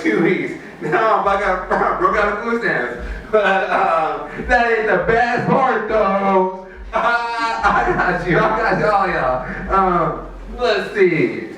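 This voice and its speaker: At a small open mic, a man with a high, bright, forceful voice does rambling stand-up, laughing at his own jokes and swearing a lot. The echoey room is heard from a distance, with slight hiss or hum.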